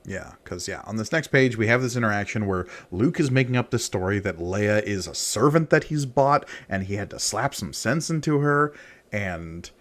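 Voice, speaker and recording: A man co-hosting a casual podcast, speaking in a fairly low voice. He talks things through thoughtfully, hedging his points along the way. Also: lively intonation, moderate pace, fairly bright tone. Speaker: podcast co-host. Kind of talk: casual podcast chat about comics.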